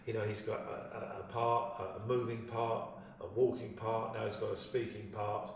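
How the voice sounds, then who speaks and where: An older man, an actor telling a lively anecdote about a film shoot and acting out the people he quotes. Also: on the low side, normal speed, vocal fry. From London, England. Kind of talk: anecdotal storytelling. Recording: echoey room, distant mic, faint ambience.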